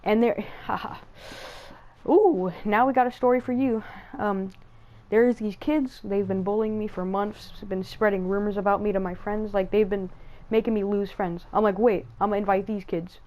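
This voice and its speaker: A woman with a middle-range voice tells a story as she plays a game. Her speech rambles and gets excited, and she often restarts her sentences and fills gaps with "like". She speaks close to a gaming headset. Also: medium pitch, moderate pace, dull audio. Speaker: gaming channel host. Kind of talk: casual story time over gameplay.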